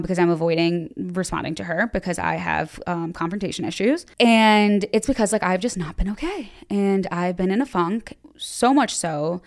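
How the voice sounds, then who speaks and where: A young woman hosting a podcast, giving casual advice in a candid, self-deprecating way with lots of "like". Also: fairly low pitch. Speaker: podcast host.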